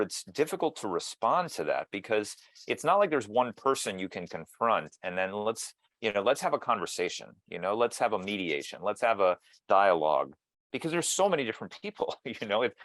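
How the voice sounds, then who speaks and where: Low voiced guy chatting on a video call, goes up and down a lot, dry close sound. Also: a bit bright, no room sound. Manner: thoughtful, musing, many restarts. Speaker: interviewer and mediator. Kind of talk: casual conversation over video call.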